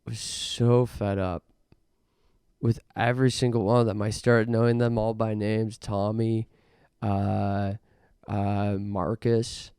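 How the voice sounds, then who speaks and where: A young man hosting a podcast, rambling through an absurd comic monologue in a deadpan way with mock rants. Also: fairly low pitch, takes it slowly, smooth, no room sound, clean studio sound. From Canada. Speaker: podcast host.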